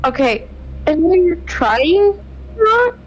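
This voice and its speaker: A woman's voice: very high voice, very animated, takes it slowly, lo-fi sound, a little hiss or hum. A woman player bantering in character at a tabletop game, joking and exasperated.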